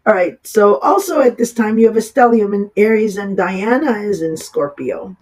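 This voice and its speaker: An astrologer with a cold and a raspy voice, giving a casual horoscope reading that rambles, with many fillers and restarts, and often apologizing. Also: medium pitch, lively intonation, normal speed, poor audio. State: has a cold.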